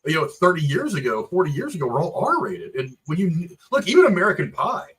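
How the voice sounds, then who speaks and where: A man with a husky, somewhat high voice talking through his views on film in a casual podcast. He reflects at length and builds his points in long explanations. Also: sing-song, brisk, fairly bright tone, low-quality recording. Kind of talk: casual movie review chat.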